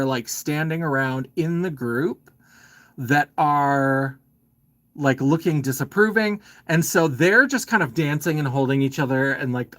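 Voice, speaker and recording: In a rough recording, a man with a mid-range, fairly bright voice hosts a live stream. He casually retells a film's plot in a chatty, filler-heavy style, greeting viewers along the way.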